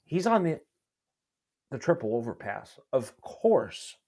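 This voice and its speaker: A man's voice: mid-range voice, sing-song, warm tone. A man hosting a podcast, reading testimony from documents aloud and adding commentary, with frequent halts and restarts. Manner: halting, many restarts while reading documents. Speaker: podcast host.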